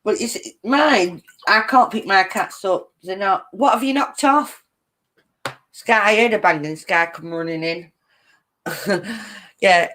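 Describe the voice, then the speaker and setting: A woman's voice: medium pitch, takes it slowly, pauses often, fairly bright tone, slight background noise. A woman hosting a casual live-stream chat, giggling often and greeting viewers as she reads their comments.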